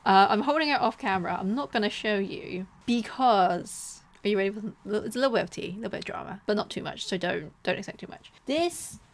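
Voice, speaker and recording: A young woman chatting casually about books she is giving away, lively and expressive, slipping into whispered asides. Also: medium pitch, brisk, hardly any pauses. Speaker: book vlogger. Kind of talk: casual chat.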